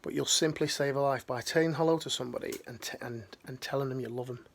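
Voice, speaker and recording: Middle-aged man, ex-military life coach, gravelly, slangy and heartfelt, restarts a lot. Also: mid-range voice, quick pace, slight background noise. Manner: earnest, slangy, rambling with restarts. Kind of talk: emotional motivational talk.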